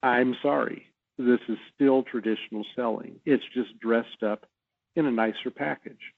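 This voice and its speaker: A man who trains salespeople, talking as a podcast guest and explaining in a measured way with easy laughs. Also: mid-range voice, steady tone, creaky, dry recording. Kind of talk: podcast interview. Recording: tinny phone-like line.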